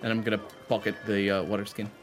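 A man's voice: lowish voice, level tone, fast, over music. A man playing a tabletop role-playing game, laughing often and correcting himself. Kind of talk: casual game play.

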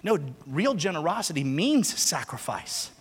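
A man preaching a sermon to a congregation, moving from quiet teaching to loud, shouted passages and asking the room to repeat lines after him. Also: fairly high pitch, very animated, unhurried, slightly rough. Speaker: pastor. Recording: long hall reverb.

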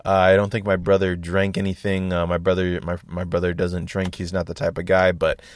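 Young man, podcast host, casual comedic story, profane, animated, dry close sound. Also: a little fast, no echo. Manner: animated, profane, repeats sound effects like boom and bang.

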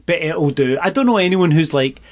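A man's voice: on the high side, expressive, a little fast. A man in casual political chat, emphatic and sweary, stumbling over restarts and tag questions. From Britain.

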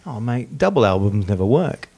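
A man putting on a soft-spoken rocker. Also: fairly low pitch, big pitch swings, normal speed, husky, no room sound, full character voice. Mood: understated. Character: mild-mannered adult British rock guitarist.

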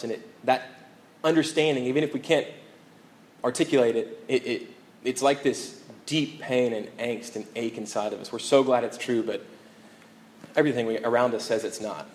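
Man, pastor, sermon, earnest, emphatic, medium pitch, conversational. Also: a little hiss or hum, rough recording. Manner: earnest, emphatic, drops to a hushed tone on key lines; restarts and fillers, conversational preaching.

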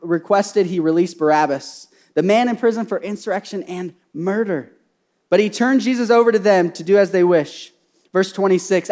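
Male pastor, high voice, animated sermon storytelling, loud then hushed. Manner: animated storytelling, swings between loud and soft.

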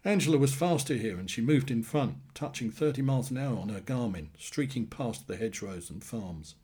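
A male narrator reading a short story aloud. He tells it plainly and steadily, and his pitch moves about in a lively way. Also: a little fast, husky. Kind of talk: scripted narration.

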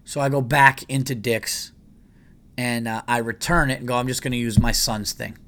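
A man telling a long story in casual podcast chat, profane and animated, jumping into exasperated quoted asides. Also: medium pitch, moderate pace. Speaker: podcast host.

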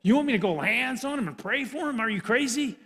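A man's voice: very high voice, expressive, fast talker, bright, forceful tone, pitched above the performer's own voice, exaggerated voice. A man voicing a wary believer who protests an order from God, acting out the scene in a sermon. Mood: incredulous. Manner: incredulous, protesting. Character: Ananias, a wary man balking at God's order. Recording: reverberant hall.

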